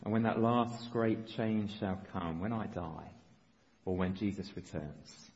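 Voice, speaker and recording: A man's voice: deep voice, unhurried, a little mellow. A man preaching a sermon, earnest and exhorting in short repeated phrases. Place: church. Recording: dull recording with long reverb in a church hall.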